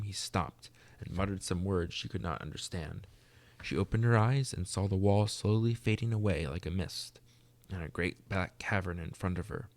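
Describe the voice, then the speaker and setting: A man narrating a classic tale in an audiobook reading. His voice sits very low with a gravelly crackle, and he keeps a measured, soft storytelling pace. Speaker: reader.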